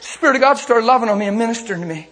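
A man preaching a sermon as a traveling minister, telling stories in an animated way, often laughing and breaking into shouts. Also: very high voice, very fast. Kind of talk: sermon storytelling. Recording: long reverb of a large hall.

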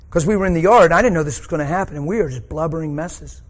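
A man's voice: high voice, fast, hardly any pauses. Emotional preacher man, rising voice. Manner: emotional storytelling, voice rising and breaking. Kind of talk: sermon.

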